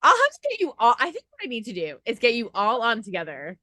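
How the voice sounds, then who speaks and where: A woman's voice: fairly high pitch, wildly swooping pitch, quick pace, bright, forceful tone, dry recording, studio quality. A woman interviewer chatting casually and gushing enthusiastically to her guest, with lots of "like.". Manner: gushing, chatty, many fillers of "like". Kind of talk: casual chat.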